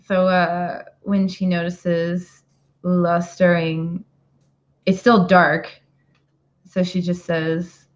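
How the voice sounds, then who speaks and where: Woman, tabletop player, chatty, fillers, slightly low voice, lo-fi call sound. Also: steady tone, drawn-out words, pauses often. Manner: chatty, thinking aloud with many fillers. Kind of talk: casual tabletop game talk.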